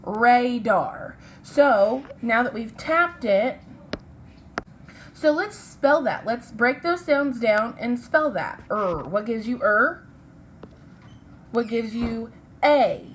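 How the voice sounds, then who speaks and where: A woman's voice: fairly high pitch, lively intonation, takes it slowly, a little hiss or hum. A woman teacher giving a recorded phonics lesson to children, speaking patiently and sounding out letters and syllables.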